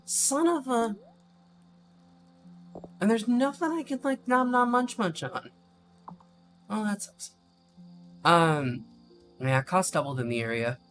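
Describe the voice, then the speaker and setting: A woman's voice: medium pitch, animated, slow, long pauses. A woman streaming a game, chatting casually and joking with her viewers. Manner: chatty, joking, easily amused. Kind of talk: casual live-stream chat. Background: faint background music.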